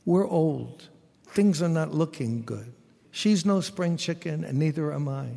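A man's voice: on the high side, measured pace, vocal fry, dark tone, big-room sound. A man voicing a weary, doubting old priest who complains that he and his wife are too old. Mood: doubtful.

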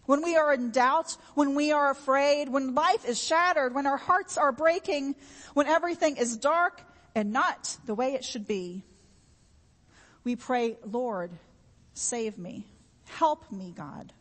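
A woman's voice: high voice, measured pace, fairly bright tone, big-room sound. A woman preaching a sermon in an earnest, repetitive way, with homey everyday examples.

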